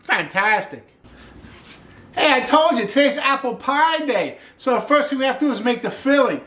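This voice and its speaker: A cooking show host runs through a casual demonstration in an upbeat way, often starting lines with "hey," repeating praise like "wonderful," and laughing at their own jokes. The voice is high and lively in intonation, at normal speed with a fairly bright tone.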